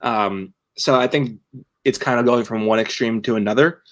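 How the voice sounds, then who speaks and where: A man's voice: medium pitch, moderate pace. A young man co-hosting a sports podcast, talking casually and rambling through many restarts and fillers. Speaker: podcast co-host and team writer.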